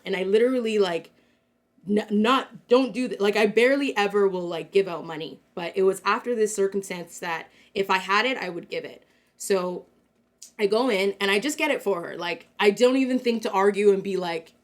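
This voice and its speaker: A woman's voice: medium pitch, moderate pace. A young woman from Canada co-hosting a casual talk show, telling a story in a chatty way with lots of fillers and acted-out quotes. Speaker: co-host.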